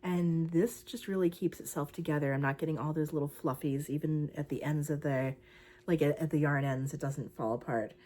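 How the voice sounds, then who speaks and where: Speaking briskly in a low, warm voice with fairly even intonation, a young woman chats about her crochet work for her craft vlog. She rambles casually and leans on lots of fillers.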